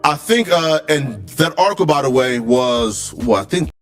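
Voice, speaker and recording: A man's voice: medium pitch, lively intonation, normal speed, faint music behind. A man in his twenties in a played clip, explaining himself hesitantly and repeating fillers like "right" and "bro". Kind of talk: explaining himself in a casual talk.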